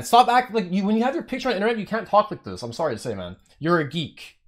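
A man's voice: high-pitched, big pitch swings, fast, few pauses. Profane young man ranting, swinging wildly. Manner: profane, indignant ranting, bursts into yelling. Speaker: game streamer. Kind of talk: live stream commentary.

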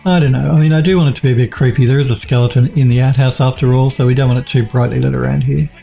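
A man talking casually on a live stream, reading out chat messages and answering them between pauses. His voice is dark and gravelly and sounds a little worn, as he is losing it. Faint music plays behind him. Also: medium pitch, fairly even intonation. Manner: reads out chat messages and answers them, with many fillers and restarts. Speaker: game developer streaming live.

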